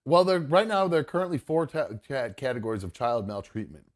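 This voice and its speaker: A man's voice: medium pitch, sing-song, fairly quick. A middle-aged man hosting a talk show, telling a long personal story in an earnest, rambling way. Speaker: podcast host. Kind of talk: casual chat. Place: studio.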